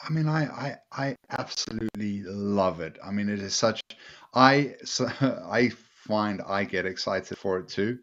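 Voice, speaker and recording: Low-voiced animated man on dull audio. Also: a little slow. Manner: animated, laughing, jumps into put-on voices. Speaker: podcast co-host. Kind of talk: casual chat.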